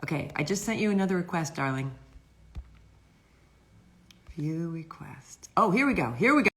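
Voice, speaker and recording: A woman's voice: on the low side, lively intonation, normal speed. A woman hosting a live-stream author interview, chatting casually and affectionately with viewers, often laughing.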